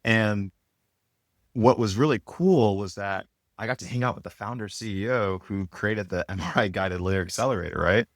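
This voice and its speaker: A man's voice: lowish voice, moderate pace, no echo, studio quality. A middle-aged man and company founder, telling his career story in a casual interview with loose, rambling talk full of fillers and restarts. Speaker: podcast guest, apparel company founder.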